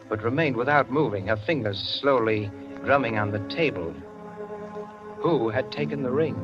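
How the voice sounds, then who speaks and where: A man narrating a 1940s radio drama in a measured, even storytelling manner. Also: mid-range voice, natural voice. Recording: muffled old radio with music bed.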